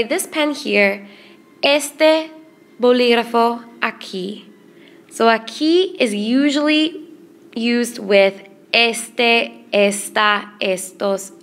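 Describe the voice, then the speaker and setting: A woman's voice: medium pitch, fairly bright tone. Patient woman teaching Spanish grammar. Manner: patient, explains slowly, repeats word lists. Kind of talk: classroom grammar lesson.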